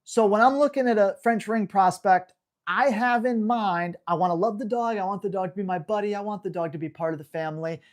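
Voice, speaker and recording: A man's voice: high voice, brisk. A man hosting a live dog-training Q&A, talking bluntly and hammering home key words. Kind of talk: live Q&A stream.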